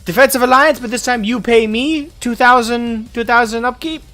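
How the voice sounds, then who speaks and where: A man's voice: extremely high pitch, moderate pace, sharp tone, pitched above the performer's own voice. A man voicing a pushy male rat-man warlord in a game, whining and wheedling for an alliance. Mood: pestering. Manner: whiny, wheedling pestering.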